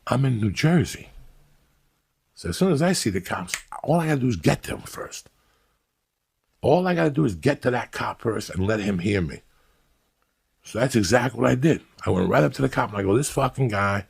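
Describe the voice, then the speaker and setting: Raspy new york dude swearing through a story, low voice swinging all over. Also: male voice, fairly quick, pauses often. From New York City. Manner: loud, profane, animated storyteller. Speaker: comedian telling a story. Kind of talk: profane storytelling on a podcast.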